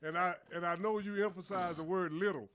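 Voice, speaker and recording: A man with a high voice co-hosting a radio show. He jokes with the guests in a teasing way and laughs a lot. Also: steady tone, a little fast, a bit bright. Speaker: co-host. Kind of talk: casual radio banter.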